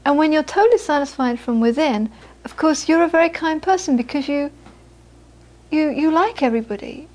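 A woman teaching Buddhism to a live audience, moving from lively anecdotal storytelling into quiet, reflective teaching. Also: high-pitched, fairly quick. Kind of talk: dharma talk to a live audience.

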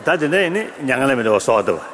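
A man giving a Buddhist teaching in an animated way, chuckling often. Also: medium pitch, fast. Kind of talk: dharma teaching in a hall. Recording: long hall reverb, faint noise.

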